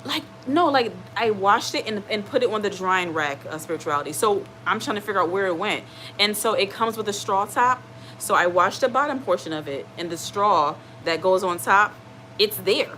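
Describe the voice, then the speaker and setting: A woman's voice: mid-range voice, expressive, normal speed, bright, forceful tone, slight background noise, low-quality recording. A woman hosting a live stream in casual chat. She rambles, reads out viewer comments and reassures people, often checking in with "okay?". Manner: reassuring, keeps asking "okay?".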